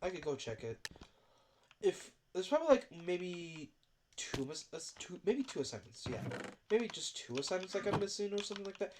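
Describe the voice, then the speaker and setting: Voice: mid-range voice, very animated, normal speed, noisy background. A gaming video creator with a stuffy nose, talking casually and rambling with lots of fillers over gameplay. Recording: loud keyboard typing and clicks.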